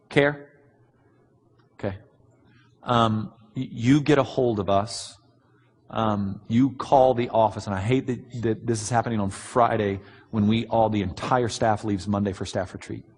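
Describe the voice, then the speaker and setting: A man preaching a sermon, answering written questions earnestly and bluntly with many pauses. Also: lowish voice, a little mellow, slightly rough. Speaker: pastor. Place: large church hall. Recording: long hall reverb.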